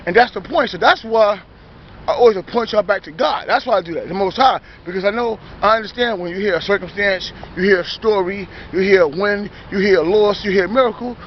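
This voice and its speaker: Guy with a high voice preaching off the cuff, repeats himself a lot, keeps asking if you get it, muffled lo-fi sound. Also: fairly quick, slight background noise. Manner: repetitive, emphatic, keeps asking "you understand?"; rambling, self-correcting restarts. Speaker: lay preacher. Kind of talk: informal spoken preaching.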